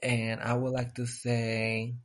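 A young man co-hosting a podcast in a loose, casual chat. His pitch sits in an ordinary middle range. He talks in slangy, animated bursts and breaks into laughter often. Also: slow pace. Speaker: podcast co-host.

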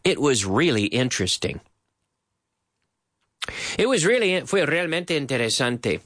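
A man's voice: mid-range voice, sing-song, unhurried, a bit bright. A man teaching English in a live-streamed lesson, repeating phrases to drill them and switching between English and Spanish.

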